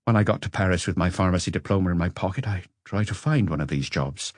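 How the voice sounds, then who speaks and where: A man's voice: sits low, quick pace, no room sound, studio quality. A man playing a weary, sleepless suspect. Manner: hesitant, earnest. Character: weary, sleepless forty-year-old man under questioning.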